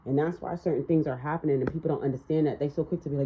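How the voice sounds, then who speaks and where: A woman's voice: sits low, brisk, phone-quality sound. A woman giving a casual spiritual tarot reading in a blunt, ranting manner, swearing freely. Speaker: tarot reader.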